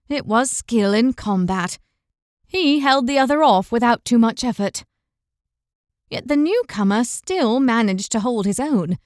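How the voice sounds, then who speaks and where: Woman narrator, fantasy audiobook, measured, higher pitch, dry studio sound. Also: dry recording. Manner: even, measured storytelling.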